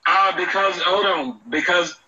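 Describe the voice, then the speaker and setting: Defensive, agitated man, very bright high voice. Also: unhurried, dull audio, a little hiss or hum. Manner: defensive, agitated, talks over others. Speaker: internet show host being called out. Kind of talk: heated argument with a caller.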